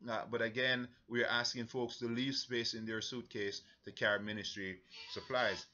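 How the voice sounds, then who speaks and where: A man with a Jamaican accent, leading a church mission-trip briefing in an earnest, halting way with many fillers. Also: mid-range voice, little pitch movement, bright, forceful tone, highs cut off.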